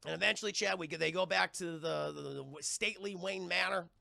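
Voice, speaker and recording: A man's voice: sits high, a little fast, vocal fry, bright, forceful tone, no echo, clean studio sound. A man live-streaming a film recap, rambling with lots of swearing and often talking to his chat. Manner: profane, rambling, addresses chat.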